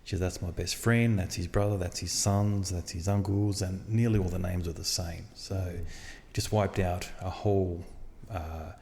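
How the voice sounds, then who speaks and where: A man hosting a podcast, telling a story in a casual, animated way and acting out the dialogue. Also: low voice, normal speed, few pauses, a little hiss or hum. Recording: long reverb.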